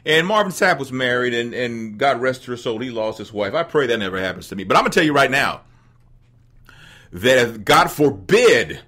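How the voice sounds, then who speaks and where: Bright-voiced man hosting a chatty podcast. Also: mid-range voice, expressive, moderate pace. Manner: chatty, rambling, laughs at his own jokes. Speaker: podcast host. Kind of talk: casual celebrity news commentary.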